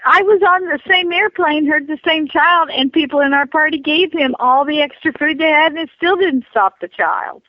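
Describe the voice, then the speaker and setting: Woman cohost on a comedy podcast, high bright voice, kinda dull lo-fi sound. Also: moderate pace, few pauses, dry recording. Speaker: podcast co-host. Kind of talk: casual comedy chat.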